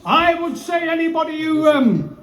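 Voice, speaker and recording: A man with a strikingly high voice spins rambling, absurd comic tales in an exuberant showman manner. The sound is echoey, as if captured in a roomy brewery space. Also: expressive, normal speed, a bit bright. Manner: exuberant, addresses "ladies and gents". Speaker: comedian performing live. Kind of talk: absurd rambling stand-up storytelling. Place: brewery venue, indoors.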